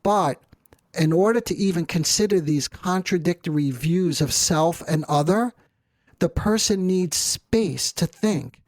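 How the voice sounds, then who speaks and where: Measured man explaining, fairly high voice. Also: a little mellow, no echo. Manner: measured, explanatory, rhetorical asides. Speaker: therapist host. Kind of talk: educational talk.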